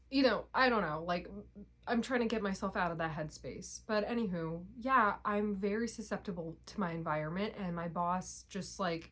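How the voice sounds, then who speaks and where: Young woman venting to camera, rambly, lots of laughs and swearing, pitch jumping around. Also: fairly bright tone. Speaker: vlogger. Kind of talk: casual chat to camera.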